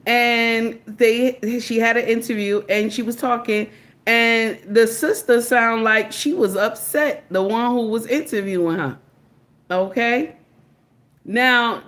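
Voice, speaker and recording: A woman's voice: a little high, a bit bright. This is a woman running a casual live-stream commentary, speaking straight to her chat. She talks emphatically, drawing words out and circling back to the same phrases, stopping to greet viewers by name. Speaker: livestream commentator.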